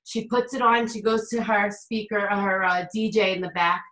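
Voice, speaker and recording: A woman's voice: medium pitch, steady tone, normal speed, a bit bright. A woman, a guest on an interview show, telling a story casually and acting out the quotes, with many fillers and restarts. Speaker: guest, psychic medium and teacher. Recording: roomy echo.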